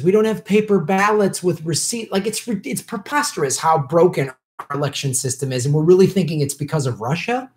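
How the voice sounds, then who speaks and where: A man's voice: fairly high pitch, a little mellow. A man hosting a casual live stream, reading viewer questions and answering in an opinionated, heated way with many restarts.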